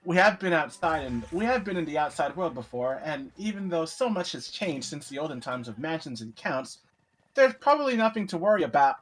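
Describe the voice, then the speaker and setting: A man's voice: on the high side, very animated, brisk, fairly bright tone. A man reading the part of a nervous woman maid who tries to sound composed. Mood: polite. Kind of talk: casual fan story reading.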